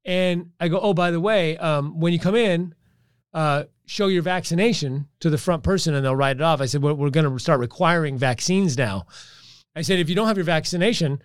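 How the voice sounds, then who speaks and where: A man's voice: fairly high pitch, brisk, smooth, no room sound, studio quality. A middle-aged man, a gym owner, telling a story in casual chat and acting out the dialogue. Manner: animated storyteller, acts out dialogue.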